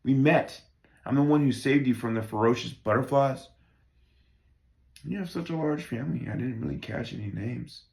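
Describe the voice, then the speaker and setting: A man's voice: mid-range voice, creaky, a little mellow, lightly acted. A man reading a polite, wary young woman. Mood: guarded. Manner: hesitant, polite, measured. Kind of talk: cold reading of a stage play. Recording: roomy echo.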